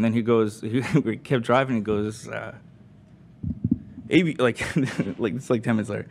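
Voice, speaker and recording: A man telling a story among podcast crew members in casual chat, animated, with restarts and laughter. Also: medium pitch, normal speed, gravelly, long pauses, slight background noise.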